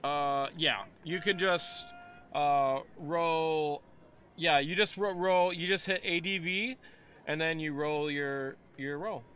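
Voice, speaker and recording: Bright-voiced man running a tabletop game. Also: a little high, takes it slowly, slight background noise. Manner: rambling, relaxed, many fillers. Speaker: game master. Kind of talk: casual tabletop game narration.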